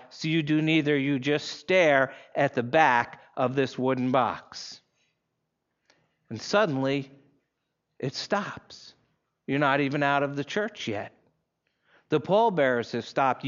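Slow, deliberate preacher, muffled recording. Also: male voice, on the high side, fairly bright tone. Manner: vivid second-person storytelling, leads the congregation in reading aloud. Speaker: pastor. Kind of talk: sermon.

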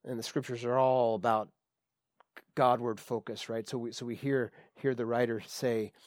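A man's voice: mid-range voice, flat delivery, a little mellow, no room sound. Dry-voiced male pastor preaching. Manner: reads scripture slowly with emphasis, frequent restarts. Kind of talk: sermon.

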